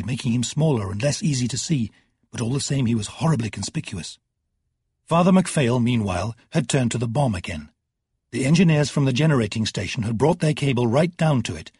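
A man narrating an audiobook in measured, dramatic storytelling. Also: mid-range voice, darkish tone, slightly rough, no echo, clean studio sound. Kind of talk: scripted narration.

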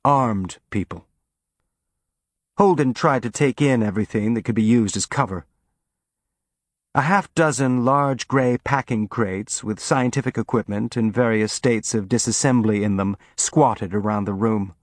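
Guy narrating an audiobook, steady measured read, dry close sound. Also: mid-range voice, no room sound.

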